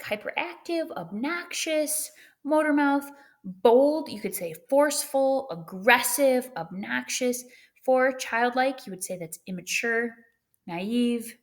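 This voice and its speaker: Lively woman teacher giving a lesson. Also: medium pitch. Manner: lively, tags with "right?" and "okay?". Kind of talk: recorded classroom lesson.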